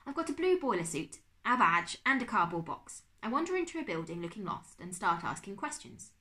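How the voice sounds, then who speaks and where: A woman reading aloud and voicing a fussy, excitable middle-aged uncle who exclaims and splutters. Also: medium pitch, brisk, pitched above the performer's own voice. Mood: explaining.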